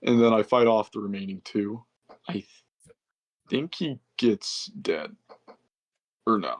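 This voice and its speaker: A man's voice: lowish voice, lively intonation, a little slow, pauses often. A man casually recapping a tabletop game session as a player, rambling and correcting himself as he goes. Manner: rambling, self-correcting, filler-heavy.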